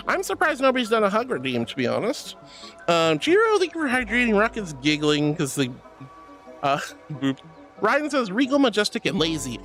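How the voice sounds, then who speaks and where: A woman's voice: lowish voice, very animated, moderate pace, faint music behind. A woman streamer chatting casually and reading out viewer messages, bubbly and affectionate and calling everyone sweetie and honey. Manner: giggly, teasing.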